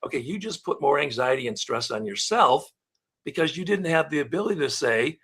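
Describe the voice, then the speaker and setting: A man's voice: on the high side, a little fast, slightly rough. A man coaching on asking better questions in a live online talk, acting out little dialogues as examples. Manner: animated, acts out dialogue examples.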